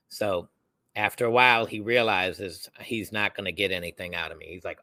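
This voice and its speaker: Young man, podcast co-host, animated storyteller, forceful bright tone, dry close mic. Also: deep voice, moderate pace, no echo. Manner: animated, acts out quoted voices. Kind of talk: casual storytelling.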